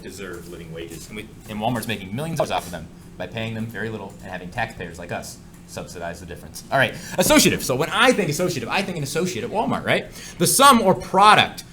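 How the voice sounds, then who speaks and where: Man, math teacher in a classroom, animated and joking, swinging pitch, echoey room with faint noise. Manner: joking, lively, asides to students. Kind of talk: classroom lecture.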